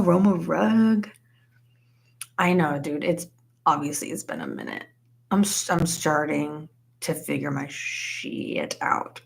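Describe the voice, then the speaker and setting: A woman's voice: low voice, gravelly. A young woman live streaming, chatting casually with viewers while she crochets, with lots of "like" fillers. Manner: chatty, says "like" a lot, reads out chat names.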